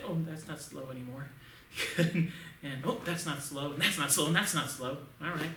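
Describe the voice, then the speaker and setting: A martial arts instructor teaching an online class for children, calling out each move and cheering the students on. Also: male voice, mid-range voice, normal speed, a bit bright, a little hiss or hum. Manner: upbeat, coaching, calls out moves. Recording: echoey room, distant mic.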